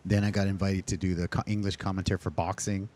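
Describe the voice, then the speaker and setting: This is a restaurant owner chatting on a podcast in a very deep voice. He rambles through his stories with plenty of restarts and fillers. He slips into other people's voices whenever he quotes them. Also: flat delivery, fast, darkish tone, a little hiss or hum. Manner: chatty storyteller who acts out quoted speech. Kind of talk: casual interview chat.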